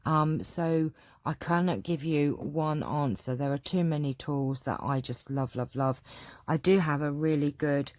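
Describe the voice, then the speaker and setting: A chatty English woman answers viewer questions in a relaxed, rambling way, full of fillers and asides. Her voice sits low. The sound is dry and close. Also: a little slow, no room sound. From England. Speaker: craft channel host. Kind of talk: casual Q&A chat.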